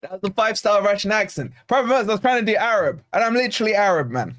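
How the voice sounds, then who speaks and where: A man from Scotland hosting a live football watch-along, animated and nervous, reading out chat messages and gifts. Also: high voice, quick pace. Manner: animated, excitable, reads chat aloud. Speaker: fan channel host.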